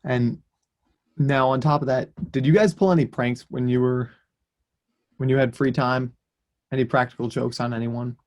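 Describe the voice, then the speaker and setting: A man interviewing a veteran, asking questions haltingly with restarts. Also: medium pitch, fairly even intonation, darkish tone.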